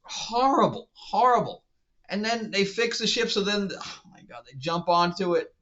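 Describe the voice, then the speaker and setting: A man's voice: high-pitched, lively intonation, normal speed, pushed and bright. A man reviewing a TV show in a casual rant, sounding incredulous and exasperated and often laughing. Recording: dull lo-fi sound.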